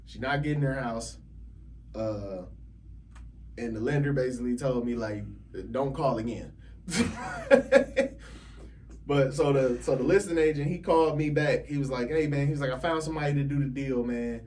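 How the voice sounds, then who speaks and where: An animated man tells a story as a realtor guest on a podcast, laughing often and acting out what other people said. The mic sits a bit far from him, with faint noise in the background. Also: medium pitch, normal speed, long pauses. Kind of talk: casual storytelling.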